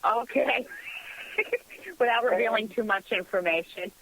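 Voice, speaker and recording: Bright-voiced woman hosting talk radio. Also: fairly high pitch, a little slow, no room sound, rough recording. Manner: chatty, laughs easily. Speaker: radio talk show host. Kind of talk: casual radio chat.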